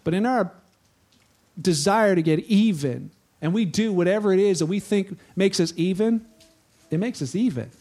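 A pastor with a fairly high voice preaches a casual, conversational sermon. He tells the story in an animated way, slipping into the voices of the people in it.

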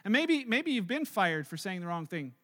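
A middle-aged man preaching a sermon, telling family stories in an animated way and acting out the dialogue. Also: high-pitched, moderate pace. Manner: storytelling, animated, acts out dialogue. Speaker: pastor. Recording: long reverb of a large hall.

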